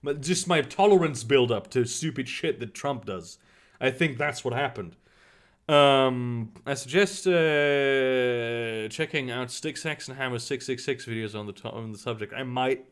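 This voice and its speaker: A man's voice: medium pitch, measured pace. A man streaming live, rambling and swearing in exasperation as he reads the news and answers chat. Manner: rambling, profane, exasperated, with frequent restarts. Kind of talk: casual live-stream commentary.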